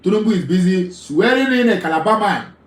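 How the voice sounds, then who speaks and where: A man's voice: high-pitched, expressive, fairly quick, roomy sound, rough recording. A Nigerian man hosting a live call-in talk show, emphatic, often repeating his phrases.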